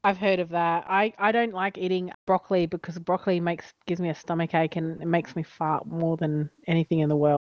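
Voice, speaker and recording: A woman's voice: on the low side, flat delivery, a little fast, hardly any pauses, no room sound, dull audio. A young woman chatting casually, breaking in with short questions. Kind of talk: casual chat.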